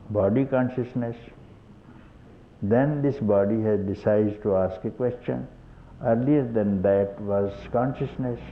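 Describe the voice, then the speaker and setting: Older Indian spiritual teacher, deliberate and low-pitched, chuckling through rhetorical questions; phone-thin archival tape. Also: male voice. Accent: Indian English. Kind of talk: satsang talk. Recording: tinny old tape with faint hiss.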